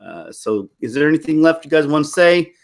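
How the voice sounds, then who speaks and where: A livestream host from Toronto, Canada, chats casually with viewers, rambling along with frequent laughs and restarts. His voice is on the high side with big pitch swings, and he talks briskly.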